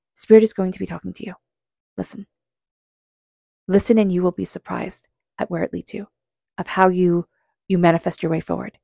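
Woman, tarot reader, gravelly, mellow tone, earnest, speaks to the listener. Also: mid-range voice, no echo, clean studio sound. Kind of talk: psychic tarot reading.

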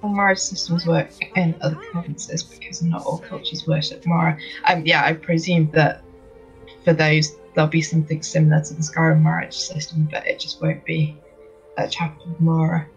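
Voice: mid-range voice, level tone, moderate pace, faint music behind. A stream host reading out viewer questions and explaining things at length, with many fillers. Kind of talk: casual stream Q&A. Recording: dull, lo-fi stream audio.

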